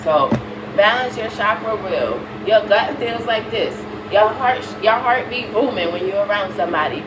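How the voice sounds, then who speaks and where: A woman with a Caribbean accent, a spiritual reader chatting bluntly and preachily to her viewers, repeating herself. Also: medium pitch. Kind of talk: casual spiritual chat to viewers. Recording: roomy, far from mic, loud background noise.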